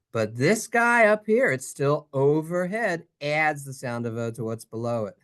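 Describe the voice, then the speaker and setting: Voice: medium pitch, lively intonation, measured pace, few pauses, fairly bright tone, clear, resonant tone. A Hebrew teacher leading a playful, sing-song classroom reading lesson and acting out the letter sounds. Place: synagogue classroom.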